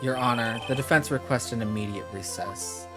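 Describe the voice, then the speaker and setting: A man's voice: mid-range voice, normal speed, natural voice. A man reading aloud as an earnest young male defense attorney, over game music. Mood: urgent. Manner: reads the lines plainly aloud.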